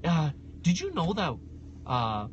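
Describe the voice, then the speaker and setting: A man co-hosting a casual podcast, telling a story with lots of energy, acting out both sides of the talk and sometimes breaking into shouts. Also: fairly high pitch, huge pitch swings, slow pace, muffled recording, slight background noise. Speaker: podcast co-host.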